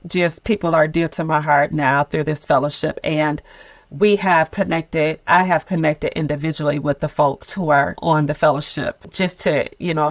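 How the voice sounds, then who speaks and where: A woman's voice: on the low side, moderate pace, dry recording. Candid, laughing woman in her 50s. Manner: candid, expressive storytelling with frequent laughter. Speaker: nonprofit leader on sabbatical fellowship. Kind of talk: podcast conversation.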